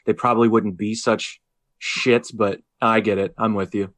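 A man co-hosting a podcast in relaxed casual chat, agreeable and laughing along. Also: lowish voice, moderate pace. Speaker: podcast co-host.

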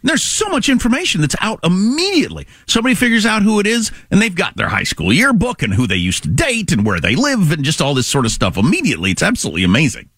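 A man's voice: high voice, huge pitch swings, quick pace, hardly any pauses, fairly bright tone, husky, no room sound, clean studio sound. A middle-aged man hosting a talk radio show, rambling through stories in a casual, conversational way.

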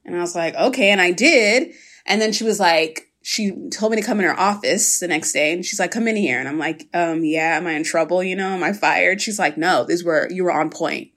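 A woman's voice: on the low side, fairly quick, a bit bright. A woman in casual conversation, telling a story with animation and acting out the voices of people she quotes.

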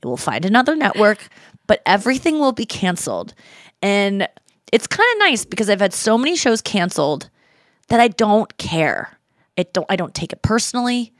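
Thirties woman host, casual and animated, mid-pitched, dry studio sound. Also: moderate pace, no room sound. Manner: animated storytelling, quotes people in voices. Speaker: podcast host. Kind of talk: casual chat.

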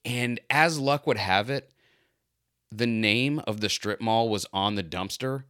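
A man's voice: on the low side, measured pace, clear, resonant tone, no room sound, clean studio sound. A man who cleans pools tells a personal story casually, poking fun at himself and acting out what people said. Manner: animated, self-mocking, acts out quoted lines. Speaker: pool cleaner.

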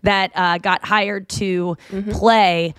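A woman's voice: medium pitch, fairly even intonation, takes it slowly, a bit bright, clean tone, dry recording. A woman in her thirties hosting a podcast, chatting casually and rambling with lots of fillers and restarts. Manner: rambling, many fillers and restarts, acts out movie lines. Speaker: podcast host. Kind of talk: casual chat.

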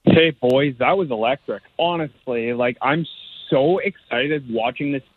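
A man's voice: mid-range voice, a little slow, slightly rough, no echo. A young man calling into a radio show, gushing and rambling about the team. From Canada. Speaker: caller. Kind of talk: excited fan phone call. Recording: tinny phone line.

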